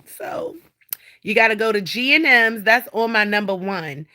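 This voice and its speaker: Bright-voiced, blunt woman on a livestream. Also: mid-range voice, normal speed. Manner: animated, blunt and profane, talks straight to viewers. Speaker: livestream host. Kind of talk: casual livestream chat. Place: at home indoors.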